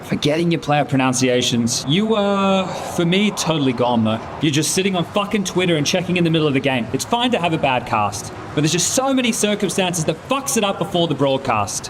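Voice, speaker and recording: A man's voice: a little high, very animated, fairly quick, hardly any pauses, background noise. A man, an esports caster, bluntly scolding a teammate and swearing often. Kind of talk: heated team talk.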